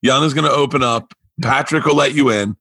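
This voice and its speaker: A man from Florida hosting a podcast, telling comedy-club stories in a casual, animated way with profanity and quick asides. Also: medium pitch, husky, dry recording. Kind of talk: casual storytelling chat.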